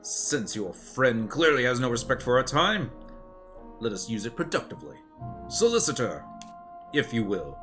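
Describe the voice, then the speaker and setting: Dude doing a stuck-up prissy elf general, loud and clipped, faint music. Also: male voice, medium pitch, big pitch swings, moderate pace. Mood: haughty. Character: prissy haughty elven male general.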